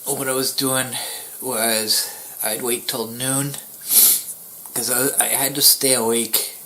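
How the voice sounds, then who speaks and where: Soft-spoken grieving man, halting. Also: mid-range voice, little pitch movement, slight background noise, low-quality recording. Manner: halting and soft-spoken, with pauses, restarts and dips into near-whispers; somber, grieving tone. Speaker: YouTuber. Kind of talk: personal storytelling to camera.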